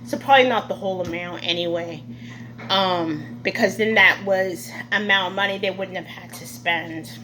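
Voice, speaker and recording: A woman vlogger talking through an indignant monologue, halting often with fillers. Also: lowish voice, sharp tone, a little hiss or hum. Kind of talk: casual opinion monologue.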